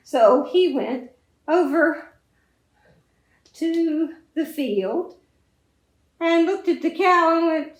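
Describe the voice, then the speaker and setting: Woman librarian for a children's storytime: high, lively, slow and expressive, echoey room.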